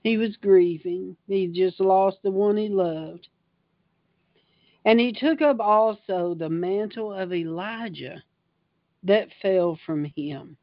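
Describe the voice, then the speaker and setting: This woman's voice sits on the low side as she delivers a casual sermon over livestream. She reads a passage of scripture, then expands on it with fervent emphasis. The audio is muffled, with no room sound.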